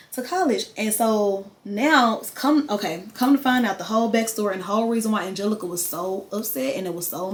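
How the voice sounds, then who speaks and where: Chatty young woman telling a story. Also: fairly high pitch. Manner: chatty, animated retelling with quoted voices. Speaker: vlogger. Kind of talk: casual storytime.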